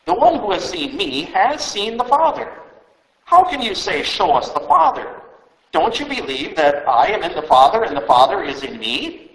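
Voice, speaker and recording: A man voicing a calm male teacher speaking solemn, tender last words, recorded in a roomy space. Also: high-pitched, normal speed, creaky, pitched above the performer's own voice, full character voice. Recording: roomy echo.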